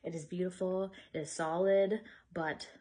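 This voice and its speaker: A woman's voice: on the low side, steady tone, normal speed, a little mellow. A young woman chatting casually while she assembles furniture, exasperated and swearing now and then. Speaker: vlogger.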